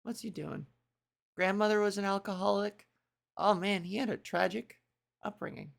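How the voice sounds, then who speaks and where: A woman's voice: mid-range voice, fairly even intonation, moderate pace, vocal fry. A woman in a casual reaction commentary, chatty and self-mocking, swearing now and then while she reads aloud and reacts. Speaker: video creator.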